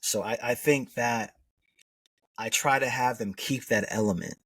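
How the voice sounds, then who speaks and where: A man's voice: medium pitch, unhurried, breathy edge, no echo, far from the mic. A middle-aged man, a transformation coach, telling personal stories earnestly in a podcast interview and often saying "man".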